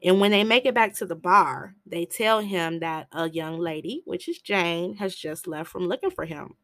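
A woman hosting a podcast, recapping a film in a casual, animated way, bluntly swearing and jumping into higher voices to act out what the characters say. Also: moderate pace, no echo, clean studio sound. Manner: animated storyteller who jumps into high voices to act out quotes. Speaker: podcast host reviewing a film.

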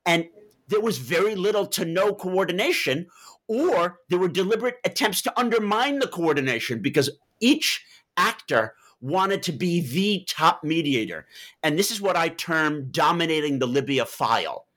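A man's voice: a little high, normal speed. A man who wrote a book on Libya, answering interview questions and telling stories to explain his points. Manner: animated storytelling with vivid asides. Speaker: author and Libya analyst.

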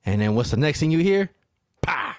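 Male podcast host, lively storyteller, pitched a bit high, bouncy delivery. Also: fast talker, clear, resonant tone, no room sound, studio quality. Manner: animated storyteller who acts out the quotes. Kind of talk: casual podcast chat.

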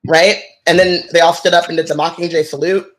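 A chatty host moves between reading a novel aloud and enthusiastic side commentary. The voice has a middle pitch and a relaxed, conversational delivery. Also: fairly quick, background noise.

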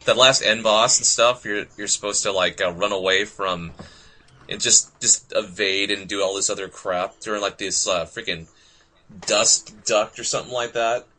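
A man's voice: fairly low pitch, fairly even intonation, normal speed, pushed and bright. A laid-back young man chatting about video games on a podcast, laughing often. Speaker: podcast co-host. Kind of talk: casual gaming chat.

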